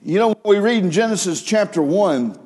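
A man's voice: high voice, expressive, brisk, a little mellow, breathy edge. A male pastor preaching a sermon, telling folksy stories and rising into emphatic preaching. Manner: folksy storytelling with a preaching rise; laughs at his own joke.

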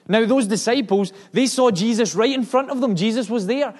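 A missionary preacher with a Scottish accent addresses a congregation with a sermon and mission report, earnest and emphatic, often restarting his words. His voice is very high and a little mellow, at normal speed with hardly any pauses.

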